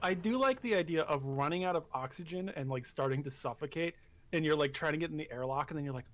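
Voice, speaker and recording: A man's voice: fairly high pitch, fast talker. A man co-hosting a game stream, making dry joking remarks and reading chat aloud. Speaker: co-host. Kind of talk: casual stream banter. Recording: noisy stream audio.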